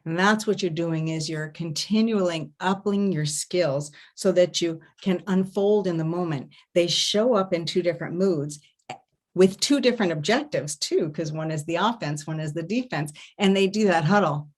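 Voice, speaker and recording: A woman with a fairly low voice gives an online talk as an intimacy coach. She speaks expressively and hums and voices little sounds to make her points. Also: moderate pace. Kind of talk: festival talk. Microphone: online video talk.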